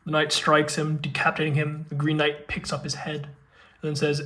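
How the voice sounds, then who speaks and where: Guy doing a card unboxing, kinda high voice, super excitable and gushing. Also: normal speed. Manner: excitable, gushing, with frequent exclamations. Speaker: card game unboxing host. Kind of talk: casual unboxing commentary.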